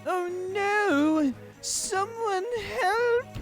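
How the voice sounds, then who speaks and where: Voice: animated, drawn-out words, faint music behind, exaggerated voice. A streamer voicing a timid, fussy old male merchant from a fantasy video game, reading his lines aloud. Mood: panicked. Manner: shrill, panicky pleading.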